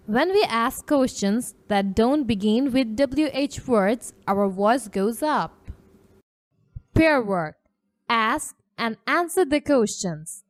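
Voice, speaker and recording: A woman teacher reading a children's English lesson aloud, slowly and carefully, modelling phrases for pupils to repeat. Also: a little high. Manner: slow, careful, clearly articulated drill reading.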